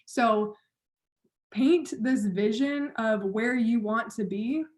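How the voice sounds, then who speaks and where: A woman's voice: on the high side, slow pace, darkish tone. A woman training her team of coaches, talking in an upbeat, encouraging way straight to her listeners.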